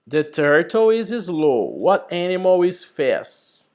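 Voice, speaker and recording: A man teaching an English lesson over a video call, slow and deliberate, building up example sentences. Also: a little high, very animated, darkish tone.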